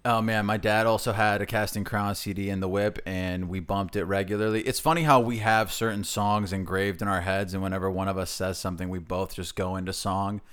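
A man's voice: low-pitched, steady tone, a little fast, few pauses, fairly bright tone, clear, resonant tone. Joking male podcast co-host. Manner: joking banter, swears casually. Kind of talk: casual chat.

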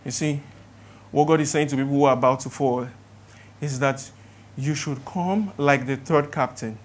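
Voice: mid-range voice, steady tone. Impassioned preacher with a Nigerian accent. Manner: impassioned, swings between loud emphatic build-ups and quiet, slowed-down points; asks rhetorical questions of the congregation. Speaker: pastor. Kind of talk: sermon.

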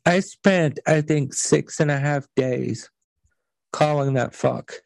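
A man's voice: a little high, takes it slowly, vocal fry, no echo, low-quality recording. A man hosting a podcast, telling stories in casual chat with blunt, profane language. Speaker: podcast host.

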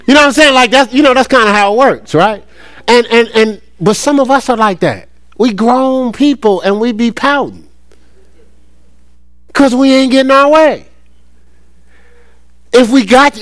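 A middle-aged man preaching a sermon, lively and conversational, often acting out playful voices. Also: very high-pitched, unhurried, pauses often, dry recording. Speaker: pastor.

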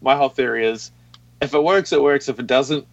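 A man's voice: medium pitch, fairly quick, vocal fry, no echo, lo-fi sound. A man from New Zealand with a New Zealand accent, chatting casually as a podcast guest, laughing often and swearing freely. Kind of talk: casual chat.

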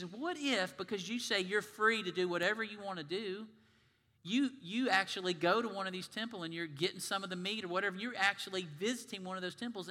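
A male minister preaching a sermon in a conversational, animated way, asking the congregation questions. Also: high-pitched, in a large hall. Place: church sanctuary.

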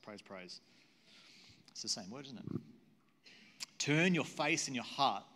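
A man's voice: medium pitch, sharp tone. Earnest man preaching in a big hall. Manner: earnest, repetitive, asks the audience questions. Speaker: pastor. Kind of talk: sermon. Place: church auditorium. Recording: long hall reverb.

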